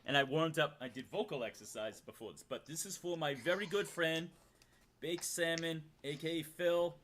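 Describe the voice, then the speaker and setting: A man's voice: a little high, normal speed, a bit bright, a little hiss or hum. A man from Massachusetts with a Massachusetts accent, playfully chatting on a livestream and reading donations aloud. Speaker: livestream co-host. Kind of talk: casual livestream chat.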